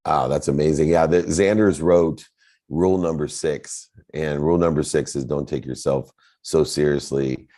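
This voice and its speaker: Very deep-voiced man host. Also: fairly even intonation, moderate pace, warm tone. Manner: encouraging, reflective. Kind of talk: motivational talk.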